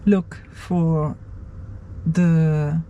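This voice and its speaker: Slow, mellow woman muttering to herself. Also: deep voice, flat delivery, lo-fi sound, a little hiss or hum. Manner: muttering to herself, hesitant, repeats words. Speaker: vlogger. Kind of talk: thinking aloud while working on a computer. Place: inside her car, in the driver's seat.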